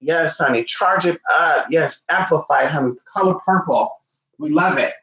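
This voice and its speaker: On a live stream, a flamboyant, sassy man runs a ritual tutorial, calling everyone honey and chatting back to viewer comments. His voice is on the high side at normal speed, pushed and bright, with the highs cut off. The room sounds echoey.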